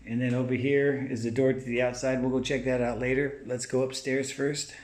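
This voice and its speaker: A man's voice: mid-range voice, level tone, brisk, darkish tone. A man narrating a casual walkthrough of a house as he films it, pointing things out as he walks from room to room. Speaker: house tour vlogger. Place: inside a large house.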